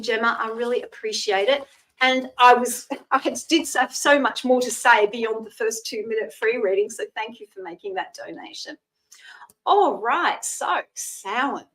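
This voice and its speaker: Woman in her 60s, live-stream psychic host: chatty and explanatory, slightly high pitch, recorded a bit off-mic. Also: normal speed, a bit bright, far from the mic, poor audio. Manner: chatty, thanks viewers by name, explains traditions.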